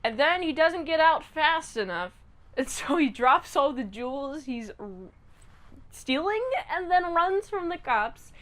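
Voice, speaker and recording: A woman recapping and reviewing a TV episode in a chatty, animated way. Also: high voice, a little slow. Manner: chatty and animated, acts out quotes. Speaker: show reviewer.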